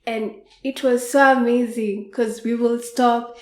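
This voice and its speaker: Woman podcast host, frank and leisurely storyteller, slow delivery, echoey room sound. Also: on the high side, fairly even intonation. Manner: frank, unhurried, with soft laughs. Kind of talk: candid storytelling monologue. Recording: roomy echo.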